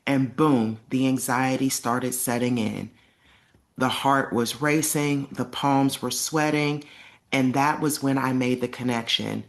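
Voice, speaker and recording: A woman's voice: extremely low pitch, steady tone, slow. A young adult woman telling a personal story to camera in a casual, emphatic way, acting out the lines she quotes. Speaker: vlogger.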